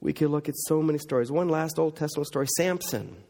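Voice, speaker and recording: A man preaching a sermon, telling stories with big swings between loud emphatic lines and quiet low asides. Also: fast talker.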